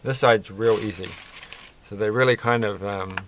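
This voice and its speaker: A man's voice: fairly low pitch, steady tone, normal speed, a bit bright, a little hiss or hum. A man chatting casually while building a Lego set, rambling and musing with a self-deprecating manner.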